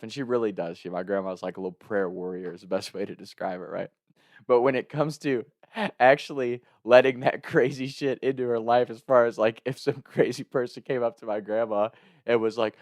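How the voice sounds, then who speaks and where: A young adult man from Kentucky telling a funny personal story, animated and often laughing as he speaks. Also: mid-range voice, normal speed, no room sound, studio quality. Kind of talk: comic storytelling.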